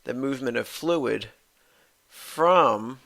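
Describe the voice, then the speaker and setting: A man's voice: medium pitch, takes it slowly, creaky, a bit bright. A man, a professor, giving a recorded anatomy lecture, explaining step by step and restating his points with many fillers.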